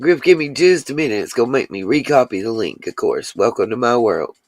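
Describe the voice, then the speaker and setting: In a dry recording, a woman with a very deep, animated, slightly mellow voice hosts a casual livestream. She chats with viewers and answers their comments as they arrive, speaking straight to them with a chatty manner and long, drawn-out asides.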